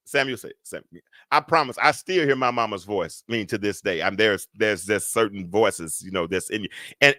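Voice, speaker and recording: A man hosting a podcast, teaching from the Bible in a preacher's cadence, repeating phrases for emphasis and slowing down to read scripture. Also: medium pitch, bright, forceful tone, no room sound. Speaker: podcast host.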